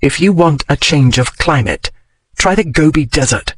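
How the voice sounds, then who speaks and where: A man narrating an audiobook, voicing a sharp-tongued young Regency woman journalist with crisp, defiant retorts. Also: a little high, animated, moderate pace, no room sound. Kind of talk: audiobook character voice.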